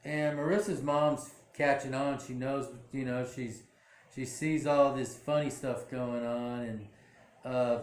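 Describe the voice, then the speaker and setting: A man's voice: mid-range voice, fairly even intonation, takes it slowly. A man casually recapping a drama episode, rambling with lots of fillers and self-corrections. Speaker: show recap vlogger. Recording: echoey room.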